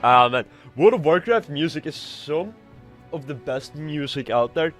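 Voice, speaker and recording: A man's voice: fairly high pitch, animated, unhurried, fairly bright tone, soft background music. A man giving casual, rambling gameplay commentary, swearing now and then. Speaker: gamer.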